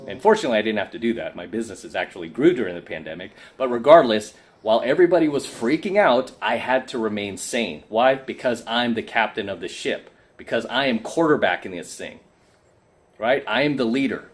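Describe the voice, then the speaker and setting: A men's coaching YouTuber talks a little fast in a fairly low voice, preaching emphatically to other men in a casual vlog monologue. He often asks "right?" and is tired from too little sleep.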